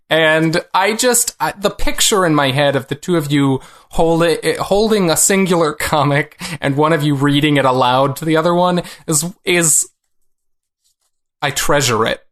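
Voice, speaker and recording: A man's voice: on the high side, a bit bright. A man co-hosting a comics podcast in casual chat, rambling with many fillers. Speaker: podcast co-host.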